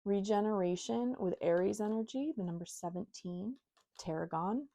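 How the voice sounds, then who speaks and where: A woman's voice: mid-range voice, moderate pace, warm tone. A young woman giving a casual, intuitive tarot reading to her viewers, talking frankly with lots of fillers and asides. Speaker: tarot reader.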